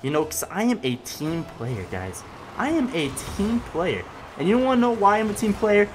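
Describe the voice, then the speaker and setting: A young man giving casual gameplay commentary as he plays, excitable and swinging between loud yelling and mumbled asides. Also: medium pitch, moderate pace, a little hiss or hum. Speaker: gaming commentator.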